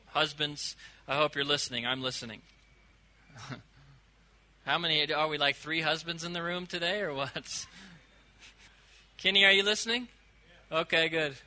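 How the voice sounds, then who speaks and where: Bright, animated male pastor preaching. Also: a little high, poor audio. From United States. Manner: animated, swings from loud emphasis to quiet asides, drawn-out quotes. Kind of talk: sermon.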